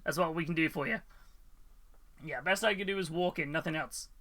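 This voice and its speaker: A man's voice: a little high, a little fast, bright, forceful tone. A man hosting a casual hobby live stream, chatting loosely with many fillers and frequent laughs.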